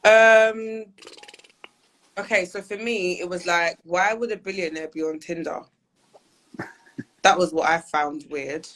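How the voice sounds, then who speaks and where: A woman's voice: lowish voice, fairly bright tone, a little hiss or hum. A woman guest talking candidly and chattily in an interview over a video call. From United Kingdom. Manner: chatty, candid, quick to laugh.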